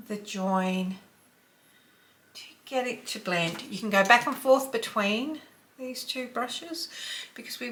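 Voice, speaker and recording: Slow, bright-voiced Australian woman vlogger. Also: medium pitch, slight background noise. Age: 50s. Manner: chatty, slow and unhurried, drops to a whisper while blending. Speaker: beauty vlogger. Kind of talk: makeup tutorial chat.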